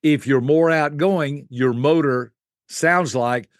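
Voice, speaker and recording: An older man, a guest expert, explaining personality types in an animated teaching style, acting out quick voices. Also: fairly high pitch, dry recording, studio quality.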